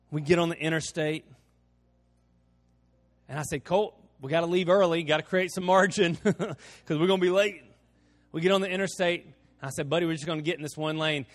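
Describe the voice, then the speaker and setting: A middle-aged pastor delivers a sermon in a fairly high voice. He talks in plain words, stumbling and restarting as he tells a story, then softens into slow, quiet appeals.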